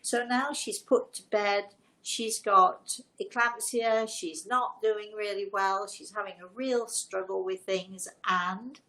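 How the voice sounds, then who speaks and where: An older woman, hosting a live show and telling a personal story, acting out the dialogue with lively shifts of voice. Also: mid-range voice, takes it slowly, rough recording. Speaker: host.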